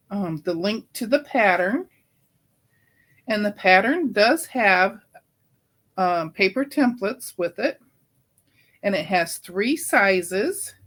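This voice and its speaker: A woman's voice: medium pitch, a bit bright. A middle-aged woman hosting her own quilting channel, talking through a crafting project in a chatty, homey way with filler ums. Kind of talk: casual crafting tutorial.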